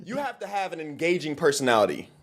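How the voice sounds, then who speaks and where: A man's voice: a little high, quick pace, a crowd in the background. A man making a heated, profane monologue video, ranting to the camera as a content creator. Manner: heated, profane, animated rant.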